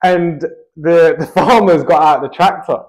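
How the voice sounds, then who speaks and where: A man's voice: on the high side, measured pace. A young Australian man telling a rambling story in casual chat, dotting his talk with "like" and "bro".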